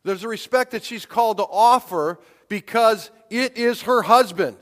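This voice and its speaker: A pastor in his forties preaches a sermon in a high voice at normal speed, with hardly any pauses. He is emphatic, leaning hard on key points until he is nearly shouting. A long reverb gives it the sound of a church hall.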